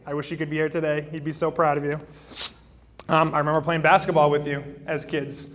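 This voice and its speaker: A man's voice: a little high, flat delivery, fairly quick, a bit bright. Man giving a joking wedding toast. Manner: joking, self-deprecating, with frequent fillers and restarts. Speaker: best man. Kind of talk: wedding toast to a live crowd. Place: wedding reception. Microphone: handheld microphone. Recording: noisy wedding reception recording.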